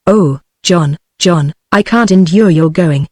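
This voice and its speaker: A woman's voice: fairly low pitch, takes it slowly, darkish tone, no room sound, clean studio sound. A text-to-speech woman's voice with a British accent, voicing an anxious, pleading young woman in a novel. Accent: British English. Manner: pleading, fretful.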